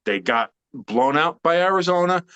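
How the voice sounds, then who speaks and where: A man's voice: a little high, expressive, moderate pace, bright, forceful tone, clear, resonant tone, lo-fi sound. A man co-hosting a sports podcast in casual chat, opinionated and emphatic, rambling with fillers. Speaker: podcast co-host.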